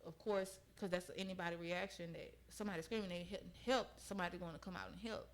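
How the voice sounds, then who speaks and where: A woman's voice: fairly low pitch, steady tone, quick pace. Earnest young woman telling her story. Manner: earnest, often checks in with listeners. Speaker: podcast guest. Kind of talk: recounting a personal story in conversation.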